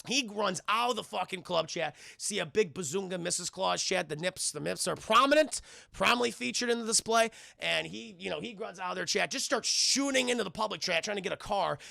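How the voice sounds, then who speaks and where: A man with a gravelly, fry-laden voice that sits high for a man, recapping an action movie scene by scene for his live chat. He swears constantly, keeps calling out to the chat and jumps into short acted bits of dialogue. His tone is bright and sharp, and the sound is dry and close. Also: brisk, no room sound. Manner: profane, keeps addressing the chat, acts out movie lines. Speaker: film reviewer and streamer. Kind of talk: casual scene-by-scene film recap.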